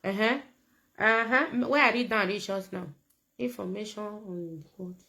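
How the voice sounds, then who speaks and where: A woman's voice: mid-range voice, measured pace, pushed and bright, poor audio. A woman with a Nigerian accent giving a casual political rant to camera, blunt and emphatic and repeating her points. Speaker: political commentator.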